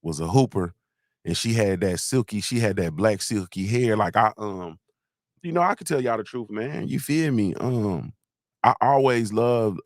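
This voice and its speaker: A man hosting a live motivational show tells a loose, rambling, slangy story on a livestream, constantly checking in with listeners by asking "you feel me?". His voice is fairly low with a darkish tone, recorded clean and studio-like with no room sound.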